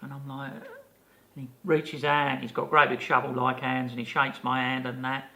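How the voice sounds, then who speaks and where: Older man, podcast co-host, gravelly and bright-toned, chatty storyteller. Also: medium pitch, moderate pace, slight background noise. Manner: animated anecdote teller, many fillers and restarts. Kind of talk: casual storytelling chat.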